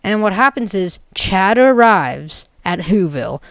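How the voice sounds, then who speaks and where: A woman's voice: mid-range voice, sing-song, unhurried, fairly bright tone, no echo. A woman retelling an absurd made-up story in a rambling, jokey way, full of "basically" and "like". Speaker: video creator.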